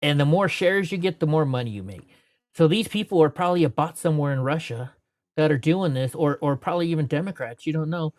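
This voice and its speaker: A man's voice: on the high side, lively intonation, quick pace, darkish tone, no room sound. A man as an interview guest, telling stories from his life in a rambling, casual way, filling his talk with "you know".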